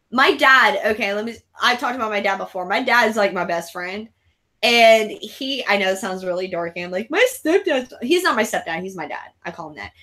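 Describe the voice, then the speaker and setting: A woman hosting a live casual chat, telling rambling, excitable stories. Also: medium pitch. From raised abroad in military families. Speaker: host of a live horror chat show.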